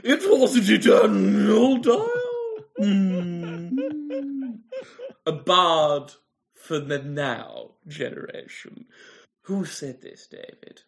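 A man's voice: fairly high pitch, expressive, extremely slow, a bit bright, heavily acted. A man voicing a pompous, eccentric older theatre critic who is secretly a murderer, in a comedy podcast bit. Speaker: co-host.

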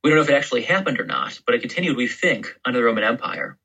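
Historian guest, male, bright and slightly husky, rambling explainer. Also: mid-range voice, sing-song, racing, poor audio. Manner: explains history in long, loose storytelling turns. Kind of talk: podcast interview.

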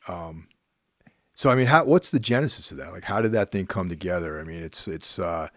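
Casting note: deep-voiced male host, relaxed questions, dry close sound. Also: a little fast, dry recording. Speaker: podcast host. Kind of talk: casual interview chat.

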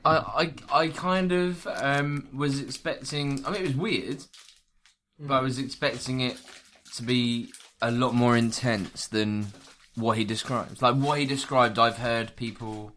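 Bright-voiced, hesitant man. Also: mid-range voice, fairly even intonation, a little hiss or hum. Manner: hesitant, halting with fillers. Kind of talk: casual podcast chat.

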